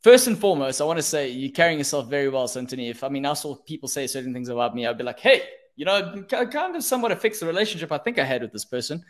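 A man's voice: mid-range voice, lively intonation, racing, hardly any pauses. A man from South Africa hosting a casual podcast over a video call, friendly and playful, asking his guests questions. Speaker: podcast host.

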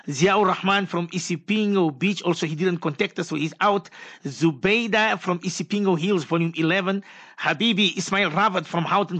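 A man's voice: on the high side, a bit bright. A man hosting a religious radio call-in show, reading out listener messages with pious, affectionate blessings.

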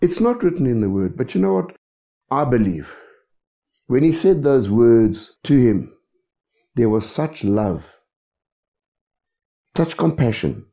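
A man's voice: mid-range voice, sing-song, slow pace, long pauses, mellow. A man preaching a sermon, who keeps checking in with his congregation. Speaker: pastor. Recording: dull lo-fi recording.

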